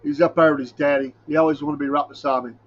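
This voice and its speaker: Husky high-voiced preacher-host. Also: male voice, fairly even intonation, very fast, highs cut off. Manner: folksy, rambling, laughs often. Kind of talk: casual solo podcast talk.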